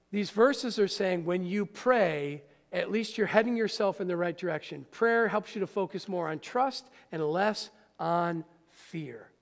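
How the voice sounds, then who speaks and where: A man preaching a sermon as pastor, animated and often asking the audience questions. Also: high voice, creaky. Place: church sanctuary. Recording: church hall with long reverb.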